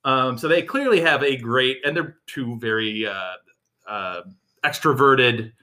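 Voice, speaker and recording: Bright-voiced chatty sports podcast man. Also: mid-range voice, unhurried. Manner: chatty, animated, laughs often. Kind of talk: casual sports chat.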